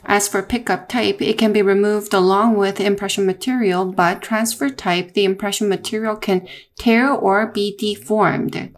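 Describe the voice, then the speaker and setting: A woman narrating a technical dental lesson in a measured, explanatory way, with small restarts. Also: mid-range voice, steady tone. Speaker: dental lecturer.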